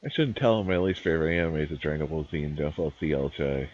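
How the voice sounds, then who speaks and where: Deep-voiced rambling streamer man. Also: fast talker, a little mellow, a little hiss or hum. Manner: rambling, chatty, opinionated. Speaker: live streamer. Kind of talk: casual live-stream chat while gaming. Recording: dull lo-fi dry stream mic.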